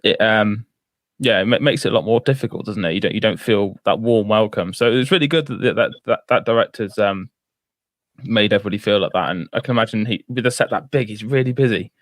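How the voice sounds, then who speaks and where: Lowish guy hosting a chatty podcast, tag questions everywhere, dry close sound. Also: fast, dry recording. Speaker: podcast host. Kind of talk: casual chat.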